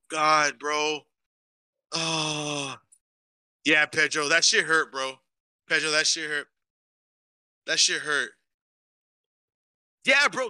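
This podcast co-host is a young man with a slightly high, sharp voice, recorded with no echo. Cursing heavily, he rants with emotion about sports to his live chat on the casual show.

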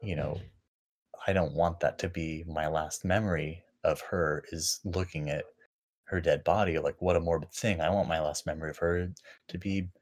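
A young man talking casually as a podcast co-host, reflective and halting, full of fillers and restarts. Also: sits low, steady tone.

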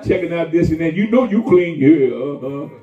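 A man preaching a lively, folksy sermon with call-and-response and shouts to the congregation. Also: on the high side, normal speed. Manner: folksy, conversational, acts out quoted voices. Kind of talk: lively Palm Sunday sermon. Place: church sanctuary. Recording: echoey church heard from far off over a tinny line.

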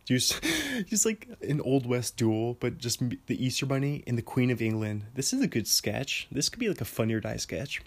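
A young man from Washington State rambles through a casual monologue. His voice sits at an ordinary middle pitch. He leans on "like" constantly and keeps breaking into laughter at his own ideas. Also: big pitch swings, normal speed, few pauses, slightly rough. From Washington State, USA. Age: young adult. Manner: rambling, filler-heavy, laughs often at his own jokes. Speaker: monologue talker.

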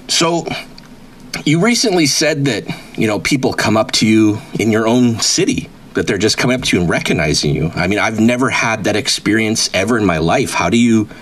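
Deadpan man asking questions. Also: lowish voice. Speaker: podcast interviewer. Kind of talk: comedic podcast interview.

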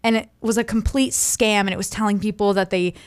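A woman's voice: mid-range voice, fairly even intonation, brisk, clear, resonant tone, dry recording. Chatty woman co-hosting radio, says like a lot, super dry mic sound. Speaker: radio show co-host. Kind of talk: casual morning radio chat. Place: radio studio.

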